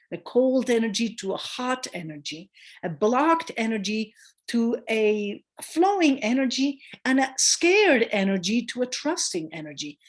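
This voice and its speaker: A woman midwife, a guest in a conversational interview, telling a story with emphasis, acting out quoted voices and pausing on fillers. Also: fairly high pitch. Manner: animated storyteller who acts out quoted voices; warm and emphatic, with hesitant fillers.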